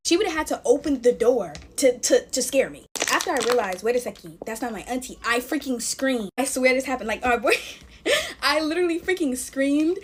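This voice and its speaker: A woman's voice: a little high, a little hiss or hum. A young woman telling a personal story in casual storytime chat, talking straight to her viewers. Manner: chatty, talks straight to viewers as y'all.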